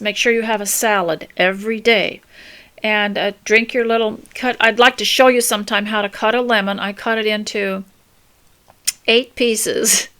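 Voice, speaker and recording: Unhurried older woman giving homemaking advice. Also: on the high side, clean tone. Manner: gentle, unhurried, many ums and restarts. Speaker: homemaking podcast host. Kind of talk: casual spoken advice talk.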